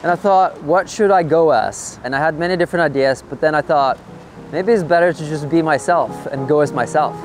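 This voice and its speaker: A man's voice: a little high, a little fast. A man in his thirties from Norway, talking casually to the camera in a vlog, nervous and self-mocking as he jokes about his plan. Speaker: vlogger. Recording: music playing underneath.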